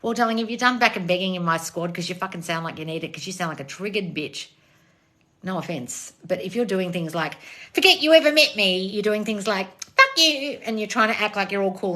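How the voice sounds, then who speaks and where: Bright, blunt, sweary woman coach. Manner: blunt and sweary, calls viewers darling; high squeals when greeting viewers. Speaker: manifestation coach hosting a livestream. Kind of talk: casual livestream Q&A, reading out comments.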